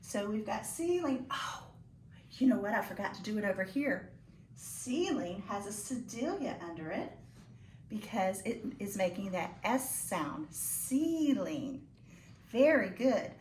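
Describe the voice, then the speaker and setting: A woman teaching a phonics lesson to children, slow and encouraging with sing-song praise. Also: medium pitch, animated, darkish tone, slight background noise. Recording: echoey room, voice from a distance.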